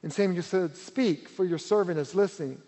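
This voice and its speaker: A man's voice: high voice, normal speed, mellow. A man preaching a sermon as pastor, earnest and emphatic, repeating key words for weight. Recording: reverberant hall.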